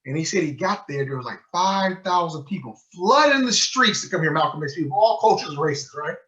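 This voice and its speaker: Speaking fairly quickly in a slightly high voice, a man takes on a sheikh's role for a book club talk. He's an animated storyteller who dramatizes quoted lines, delivering a storytelling lecture through muffled lo-fi audio.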